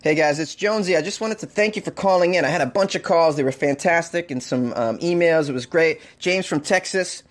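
A man's voice: a little high, brisk, hardly any pauses. A young man hosting a casual comedy news podcast from his apartment, rambling and laughing at his own jokes. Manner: rambling, self-amused, laughs often. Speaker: podcast host. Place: hot apartment.

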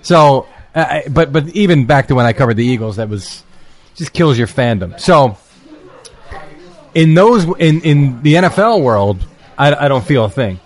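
A man chatting as a podcast guest in a bar, telling stories in a relaxed, self-deprecating way. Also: medium pitch, moderate pace. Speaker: podcast guest, football reporter. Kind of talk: casual chat.

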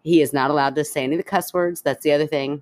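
A woman in her thirties co-hosting a podcast, chatting and telling animated stories with frequent laughs. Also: sits low, rapid-fire. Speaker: podcast co-host. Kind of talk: casual chat.

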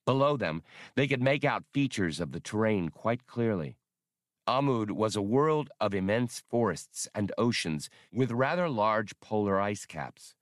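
Man, audiobook narrator, low voice, lively delivery, dry close sound. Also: a little slow, no echo. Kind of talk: audiobook reading.

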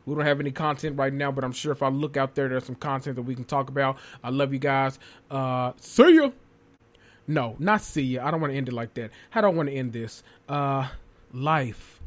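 A man hosting a solo podcast, rambling enthusiastically about movies he loves and talking to listeners as y'all. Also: mid-range voice. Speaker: podcast host.

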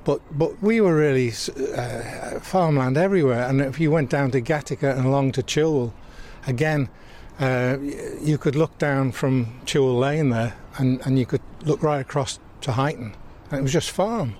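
Older southwest Lancashire man, halting. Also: mid-range voice, a little mellow, slight background noise. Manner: halting, many restarts. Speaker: interviewee. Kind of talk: reminiscing conversation.

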